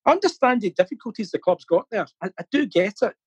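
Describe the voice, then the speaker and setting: Fast-talking and husky, a middle-aged man with a high, lively voice is interviewed as a fan campaigner, telling stories casually. Frequent laughter and repeated words mark his thinking, and the low-quality recording, made by phone or video call, has no room sound.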